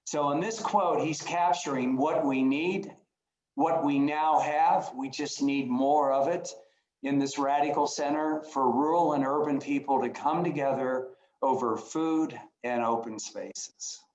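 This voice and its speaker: A man's voice: medium pitch, fairly even intonation, unhurried, a little mellow, echoey room, muffled recording. A man giving a conference talk over a video call, earnest and at times emotional, often restarting phrases. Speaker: conference speaker.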